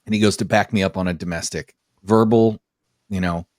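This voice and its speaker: A man with a fairly low voice telling a long story in casual podcast chat, acting out the lines of the people in it. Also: fairly quick, no echo, studio quality. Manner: animated storyteller acting out his own dialogue. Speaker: podcast host.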